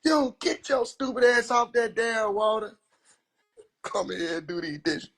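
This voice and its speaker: A man voicing a loud, bossy middle-aged mother who scolds her son with profanity, in a husky voice. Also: high voice, animated, unhurried, voice pushed up, full character voice.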